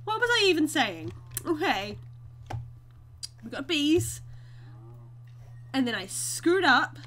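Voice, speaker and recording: A woman's voice: high-pitched, big pitch swings, measured pace, fairly bright tone. A woman giving let's play commentary on her survival game, melodramatic, breaking into squeals and mock wailing. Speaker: gaming YouTuber.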